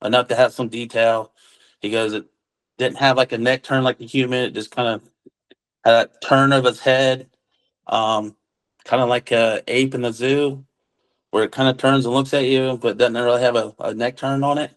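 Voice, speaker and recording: A man, a witness, telling his story in a relaxed conversational way, acting out what others said and using casual military slang. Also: mid-range voice, normal speed, rough recording. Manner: acts out quoted dialogue, relaxed military slang. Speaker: witness recounting an encounter.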